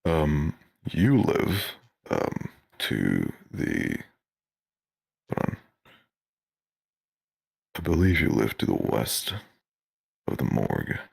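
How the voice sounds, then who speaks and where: A man narrating as game master of a tabletop game, hesitant with many pauses. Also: rumbling low, sing-song, creaky, darkish tone, slightly rough.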